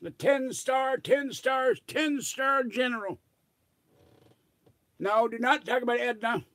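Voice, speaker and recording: A man's voice: very high voice, pitched above the performer's own voice, full character voice. A man voicing a pompous self-styled ten-star general, calling in to a radio show as a prank caller and speaking with indignant, grandiose outrage. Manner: indignant, grandiose, drawn-out shouting.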